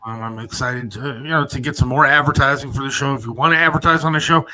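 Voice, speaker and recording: A middle-aged man hosting a podcast, telling rambling, animated stories in casual chat. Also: medium pitch, fast, rough recording. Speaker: podcast host.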